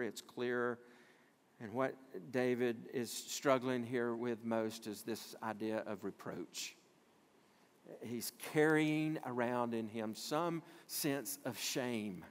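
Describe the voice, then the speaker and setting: Male pastor, conversational sermon, mid-pitched voice, long hall reverb. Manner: conversational preaching, reads scripture aloud, acts out little scenes.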